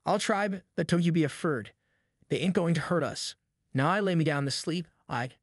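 A man reads a nervous, mischievous boy in an audiobook, trying to sound brave in country dialect. His voice sits a little high, and the sound is dry and close. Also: moderate pace, no echo, lightly acted. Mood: nervous whisper.

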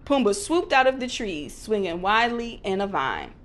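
Woman reading a kids book out loud, super animated pitch, expressive. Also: moderate pace. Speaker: storybook narrator. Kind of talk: children's read-aloud narration.

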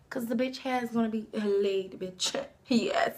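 A woman's voice: fairly high pitch, a little slow. Brash profane young woman. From Savannah, Georgia, US. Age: 20s. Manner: brash, profane, swings into loud bursts. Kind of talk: casual self-introduction to camera.

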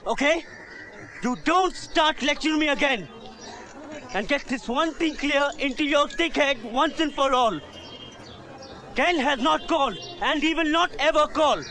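A man's voice: very high voice, unhurried, long pauses, pushed and bright, soft background music, a faint crowd, heavily acted. An actor playing a bitter, self-loathing young son who rants and repeats himself at his mother in a film drama.

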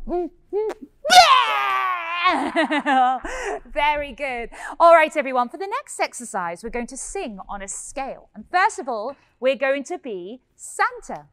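A woman's voice: high-pitched, lively intonation, a little slow, fairly bright tone, exaggerated voice. A woman playing a bubbly fairy-tale heroine. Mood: cheerful. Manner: bubbly, giggly, sing-song, addresses children. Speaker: pantomime performer teaching children. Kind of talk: pantomime children's vocal lesson. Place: indoor hall.

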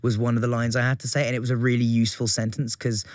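A man's voice: medium pitch, little pitch movement, racing, no room sound, clean studio sound. An English man, an actor, chatting in an interview with frequent laughs and restarts. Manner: rambling, self-interrupting, laughs often. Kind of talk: casual interview chat.

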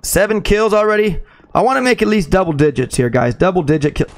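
A young man streaming a shooter game live, chatting excitedly with viewers and calling them bro. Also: sits high, quick pace. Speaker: gaming streamer. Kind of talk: live gameplay commentary.

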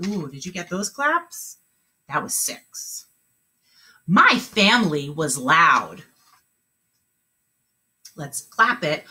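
A woman's voice: mid-range voice, huge pitch swings, slow pace, long pauses, pushed and bright, slight background noise. A woman teaching a remote kindergarten lesson, talking in an encouraging, sing-song way with lots of praise.

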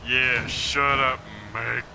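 A man doing an impression of a gruff, blunt adult male cartoon cop while playing a video game. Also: medium pitch, little pitch movement, drawn-out words, noisy background.

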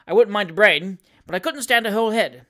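A brash young medical student in a storybook reading, tossing off gruesome jokes with cheerful relish. A reader puts him on, a little higher and louder than the narration, quick and boisterous. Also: close to an everyday voice. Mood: gleeful. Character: lively male medical student, cheerful and crude.

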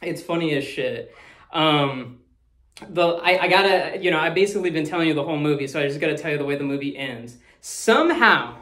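A man's voice: a little high, animated, brisk, bright, forceful tone. A man talking casually as the host of a movie review, rambling, swearing freely and laughing often. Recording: roomy echo.

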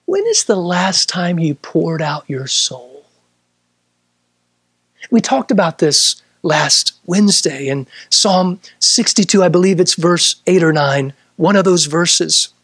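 A male pastor preaching a midweek sermon, emphatic, repeating key phrases and moving between slow, drawn-out lines and quick bursts. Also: high-pitched, animated, dry recording, studio quality. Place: church service.

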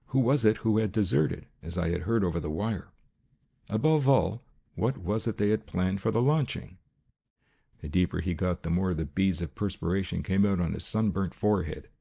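A man narrating a detective audiobook in a steady, measured way. His voice is very low, gravelly and husky, with a dark tone. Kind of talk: first-person audiobook narration.

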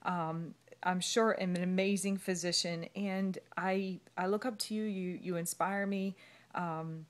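Speaking at a measured pace with fairly even intonation, this woman has a voice on the low side. She's a fitness coach talking into her phone camera from her bed at home, rambling and emotional as she fights back tears in a video message.

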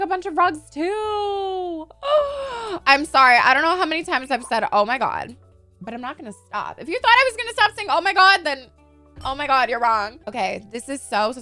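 A young woman gushes over a life-simulation game in casual stream commentary, her high, bright voice leaping up and down as she swears without a second thought. Soft game music plays quietly underneath. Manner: gushing, excitable, swears freely. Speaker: gaming streamer. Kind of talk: casual let's-play commentary.

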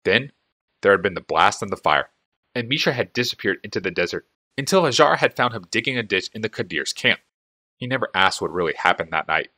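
A man's voice: on the low side, expressive, brisk, sharp tone. A man reading a fantasy novel aloud as a fan audiobook, telling the story expressively. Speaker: audiobook narrator.

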